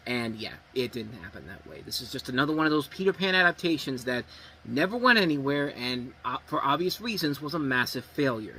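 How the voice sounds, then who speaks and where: A man's voice: mid-range voice, fairly bright tone, a little hiss or hum, rough recording. A man reviewing movies in a casual, rambling and blunt way, swearing freely.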